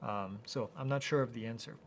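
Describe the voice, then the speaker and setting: A man hosting a live Q&A, reading out viewer questions and answering them in a casual, halting way with many fillers. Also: mid-range voice, a little hiss or hum. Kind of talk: live Q&A chat.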